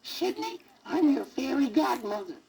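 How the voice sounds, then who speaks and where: A squeaky little old lady elephant fairy godmother, put on by a male narrator, chanting her rhyming spells in a piping falsetto. Her voice is soft and mellow rather than bright. It comes off a crackly 1960s children's storybook record. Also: very animated, a little slow, gravelly, heavily acted. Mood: sweet. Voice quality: squeaky, very high. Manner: sing-song rhyming spells.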